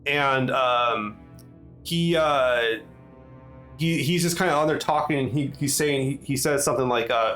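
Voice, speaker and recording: A man narrating a tabletop game as game master, with many ums and halting restarts. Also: mid-range voice, fairly bright tone, faint music behind, poor audio.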